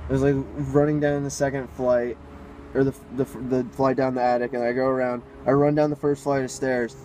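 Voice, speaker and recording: A man's voice: mid-range voice, little pitch movement, a little fast, darkish tone, slight background noise, poor audio. A teenage man co-hosting a podcast, telling a story in a run-on, casual way, with swearing. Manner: breathless run-on narration, profane. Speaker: podcast co-host.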